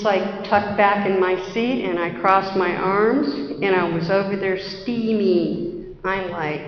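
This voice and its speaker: A woman's voice: mid-range voice, a little hiss or hum. A middle-aged woman sharing her recovery story at a conference, candid and self-deprecating. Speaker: AA speaker. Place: conference hall. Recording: roomy, dull conference hall recording.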